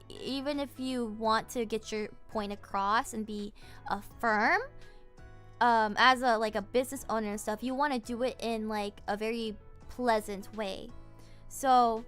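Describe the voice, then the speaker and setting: Bright high-voiced woman telling a story. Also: clear, resonant tone. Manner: exasperated, swearing, animated retelling. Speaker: streamer. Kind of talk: casual storytelling chat.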